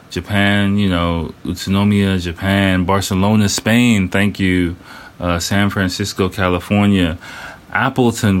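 A man in his thirties hosting a casual solo podcast, loose and rambling, full of fillers, restarts and slang. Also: deep voice. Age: 30s. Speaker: podcast host.

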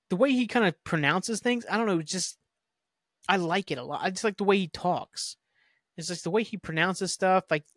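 A man's voice: high voice, dry recording, studio quality. A man hosting a podcast, casually recapping a TV episode in a rambling, profane way, acting out the characters' lines. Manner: rambling, profane, animated retelling with quoted lines. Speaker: podcast host. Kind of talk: casual solo rewatch recap.

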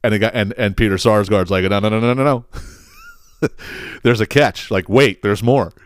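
A man hosting his own podcast, telling a story in a casual, profane and animated way, acting out the quotes. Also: fairly low pitch, moderate pace, smooth, dry recording, clean studio sound. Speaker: podcast host.

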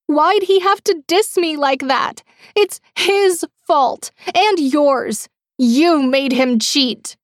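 A woman voicing a frantic, delusional female captor who screams and wails in a shrill voice. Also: expressive, slow, no echo, studio quality. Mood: wailing.

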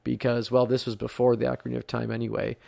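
A man's voice: mid-range voice, completely flat delivery, fast, gravelly, warm tone, no echo, studio quality. A man in his thirties from the United States, hosting a podcast in a chatty, rambling way with lots of fillers. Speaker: podcast host. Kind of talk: casual podcast talk.

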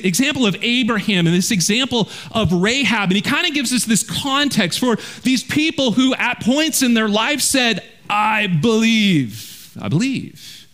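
High-voiced man preaching a sermon. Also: fairly bright tone. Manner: direct, conversational preaching with frequent "right?" check-ins. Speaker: pastor. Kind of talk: verse-by-verse sermon.

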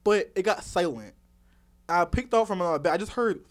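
A young man co-hosting a casual podcast with friends, laughing often and at times dropping into a soft whispery voice. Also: high-pitched, lively intonation, normal speed. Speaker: podcast co-host.

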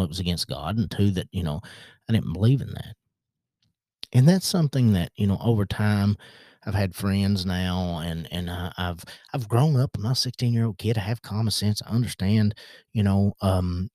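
Frank, low-voiced country man podcaster. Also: expressive, moderate pace, dark tone, dry recording, studio quality. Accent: rural American country. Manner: frank, rambling, with many restarts. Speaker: podcast host. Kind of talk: podcast monologue.

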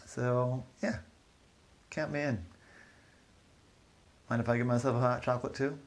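A man's voice: mid-range voice, steady tone, measured pace, natural voice. A man voicing an eager, friendly young male detective in a chatty way.

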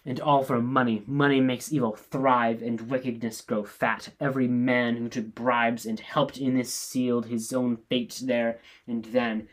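A man's voice: medium pitch, flat delivery, measured pace, hardly any pauses, natural voice. A man reading the part of an angry, blustering king in a play, speaking in a commanding, raised voice. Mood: wrathful.

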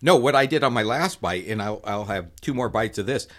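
A man's voice: lowish voice, expressive, a little fast. Guy cohosting a podcast, rambles, cracks jokes, keeps correcting himself. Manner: rambling, joking, self-correcting. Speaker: podcast co-host. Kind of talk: casual chat.

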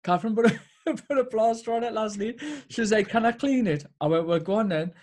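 A man's voice: high-pitched, fast, darkish tone. A young man with a Geordie accent, co-hosting a podcast and telling crude stories with a laugh. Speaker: podcast co-host. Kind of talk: casual chat.

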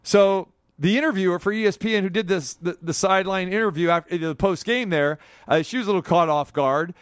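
A man's voice: high voice, a little fast, smooth, dry recording, clean studio sound. A man hosting sports talk, arguing his point in an insistent, emphatic way. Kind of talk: sports radio commentary and debate.

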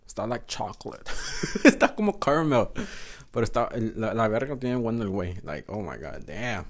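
In a casual storytelling monologue on his podcast, a young man speaks bluntly and profanely, mixing Spanish phrases into English. He talks fairly quickly in a lowish, sing-song voice.

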